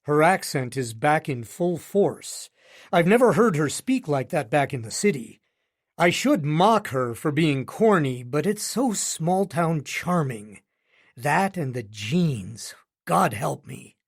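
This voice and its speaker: A man's voice: on the high side, sing-song, takes it slowly. A man narrating a romance audiobook in first person with a wry, smug, joking manner.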